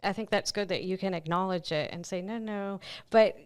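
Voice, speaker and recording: A woman's voice: mid-range voice, normal speed, clean tone. A woman hosting a podcast, a supportive and encouraging listener. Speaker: podcast host. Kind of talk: casual conversational interview.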